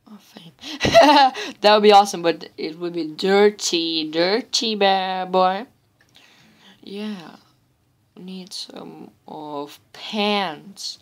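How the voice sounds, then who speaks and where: Slow rambling woman gamer commentator. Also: medium pitch. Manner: rambling, repetitive, chatty. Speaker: gameplay commentator. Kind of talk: casual let's-play commentary.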